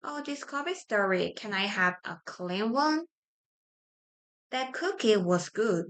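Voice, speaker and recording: A woman whose first language is Korean, reading simple grammar practice sentences aloud, repeating each one with halting restarts. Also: mid-range voice, lively intonation. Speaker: study-with-me streamer.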